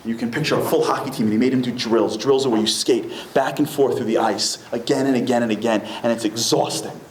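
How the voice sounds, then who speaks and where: A man's voice: steady tone, racing, hardly any pauses, a little mellow, a little hiss or hum. A man tells a story to a live audience in a reverberant synagogue hall, and the room echoes back around him. His voice sits in a middle register and climbs sharply when he presses a point. A faint murmur of the room stays underneath. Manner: dramatic storyteller who climbs to high, emphatic peaks. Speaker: motivational speaker.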